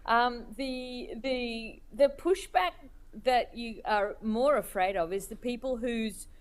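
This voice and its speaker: A woman being interviewed as a cartoonist, speaking in a thoughtful, halting way as she searches for words. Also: fairly high pitch. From Australia. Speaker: cartoonist guest. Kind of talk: reflective interview talk.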